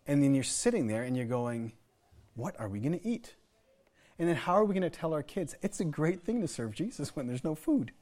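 This sermon comes from a middle-aged pastor, an American from the United States, whose earnest personal stories are full of restarts and repeated words. He talks fairly fast in a very animated way, with a slightly mellow voice pitched on the high side.

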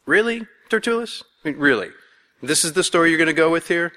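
A man's voice: mid-range voice, animated, quick pace, bright, forceful tone. Conversational male preacher in a reverberant hall. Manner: conversational, playful, acts out voices. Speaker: pastor. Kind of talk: expository sermon.

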